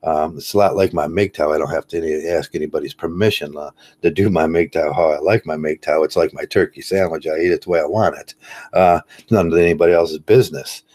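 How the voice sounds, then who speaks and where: Low-voiced man rambling to camera. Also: steady tone, a little mellow. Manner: rambling, halting, many fillers and restarts. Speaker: channel host. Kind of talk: casual monologue to camera.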